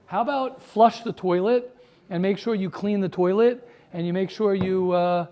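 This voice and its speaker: High-pitched man rabbi teaching a class, fired up, lots of repeats and restarts. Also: normal speed, warm tone. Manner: impassioned, repeats phrases, many restarts. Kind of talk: sermon to a live class.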